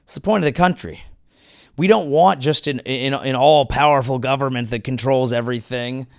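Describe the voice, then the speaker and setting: Man ranting sarcastically with gravelly voice. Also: mid-range voice, normal speed, no room sound, studio quality. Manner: sarcastic, animated, profane ranting. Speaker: comedian host. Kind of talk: comedic political monologue.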